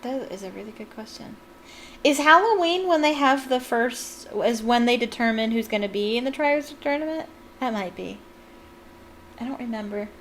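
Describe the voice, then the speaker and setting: A young woman reads a book aloud as a fan, breaking in with chatty, jokey asides and laughing at the text. Her voice is on the high side at a normal speed, with a little hiss or hum.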